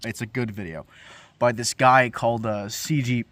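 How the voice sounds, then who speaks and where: A man's voice: mid-range voice, fairly even intonation, moderate pace, fairly bright tone, no echo. A young man talking to camera in a profane, incredulous comedic rant, swearing freely as he riffs. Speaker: vlogger.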